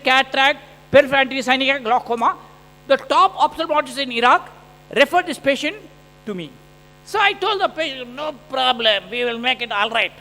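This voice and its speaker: A man with an unusually high, bright voice lectures from a conference stage, animated and joking as he narrates a surgery in the first person. His voice carries a long hall reverb through the stage microphone. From India. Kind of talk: conference lecture over surgical video.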